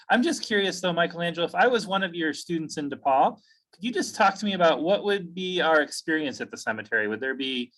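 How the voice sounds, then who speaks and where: A man's voice: on the high side, a bit bright, low-quality recording. A man moderating a question session over a video call, apologetic and hesitant with many fillers.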